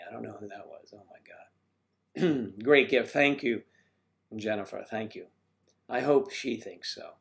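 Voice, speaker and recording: A man's voice: fairly low pitch, unhurried, a bit bright. Older man rambling through a live chat. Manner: rambling and joking, with frequent throat clearing. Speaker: host of a livestream. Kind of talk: casual live chat reading viewer comments.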